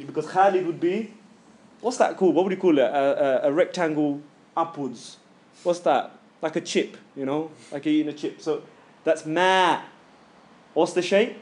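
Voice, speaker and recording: In a relaxed classroom setting, a man whose voice is on the high side and a little mellow teaches Quran recitation. He speaks chattily, sounds things out to show them, and repeatedly asks "yeah?" along the way.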